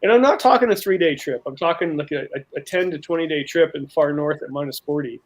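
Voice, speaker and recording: A man's voice: fairly high pitch, fast, rough recording. A man telling long, rambling outdoor stories in a casual panel chat, with frequent restarts. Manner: rambling storyteller, many restarts.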